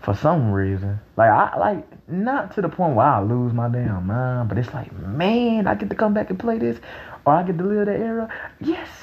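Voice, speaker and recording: A young man talking in a casual, rambling monologue, excitable and profane, breaking into loud laughs. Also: a little high, normal speed, dull audio. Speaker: vlogger.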